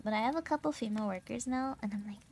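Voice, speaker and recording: A woman's voice: fairly high pitch, rapid-fire, darkish tone. A young adult woman VTuber streamer in casual chat, bubbly and giggly with lots of filler words, her throat a little sore and strained.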